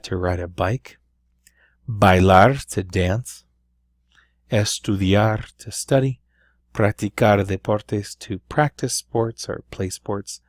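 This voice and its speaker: A man's voice: on the low side, a little mellow, no echo, studio quality. A man teaching a recorded review lesson, explaining patiently with fillers and frequent checks like "right?". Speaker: Spanish teacher.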